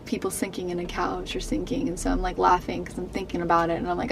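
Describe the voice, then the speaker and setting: A woman's voice: lowish voice, flat delivery, fast talker, gravelly, fairly bright tone, low-quality recording. A young adult woman vlogging to camera, telling a personal story in an emotional, rambling way with many fillers and restarts.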